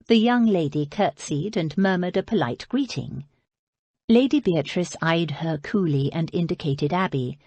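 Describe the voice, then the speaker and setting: Audiobook narrator, woman: low, husky, lively expressive reading, dry close mic. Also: measured pace, dry recording. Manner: expressive storytelling. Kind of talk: scripted narration.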